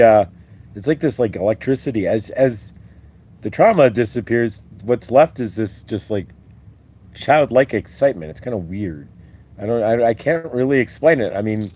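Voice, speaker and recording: A man's voice: mid-range voice, a little mellow. A man hosting a live-stream spiritual talk, rambling and upbeat as he leads repeat-after-me affirmations. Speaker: host.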